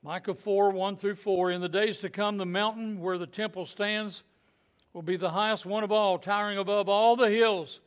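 Male preacher with a high voice, folksy and joking, delivering a Sunday sermon. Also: fairly even intonation, moderate pace. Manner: folksy, joking asides with chuckles.

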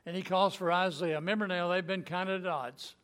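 A man's voice: sits high, a little fast. A man teaching a Bible story in a folksy, conversational way, acting out the quotes and chuckling as he goes. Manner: folksy, animated retelling with acted quotes and chuckles.

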